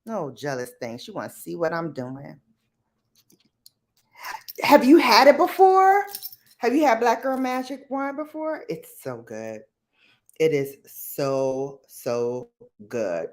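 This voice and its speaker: A woman's voice: sing-song, slow pace. New lady chatting on her live stream, slangy and playful, voice all over the place, takes her time. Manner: chatty, slangy, playful, greets viewers with loud high calls. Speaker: livestream host. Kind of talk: casual live stream chat.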